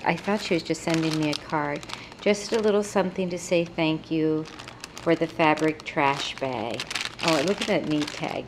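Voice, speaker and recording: A woman's voice: deep voice, low-quality recording. A woman vlogger opening craft mail on camera, gushing over each item and thanking senders by name in casual chat. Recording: faint background noise.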